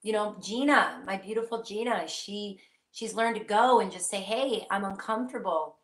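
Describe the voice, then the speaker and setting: A woman's voice: medium pitch, moderate pace, fairly bright tone, echoey room. A woman hosting a live psychic question-and-answer stream, speaking earnestly and reassuringly straight to her viewers.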